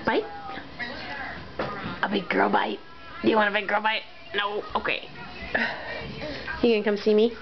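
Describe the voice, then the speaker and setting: A woman's voice: medium pitch, little pitch movement, a little slow, gravelly, pauses often, dull audio, music in the background. A woman as a mother using sing-song baby talk, coaxing and praising a toddler.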